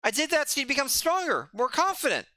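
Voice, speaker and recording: A streamer voicing an anxious young kid companion in a game, speaking in a high, strained, pleading way. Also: big pitch swings, fast, pushed and bright, full character voice. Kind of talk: voicing game dialogue in a let's play.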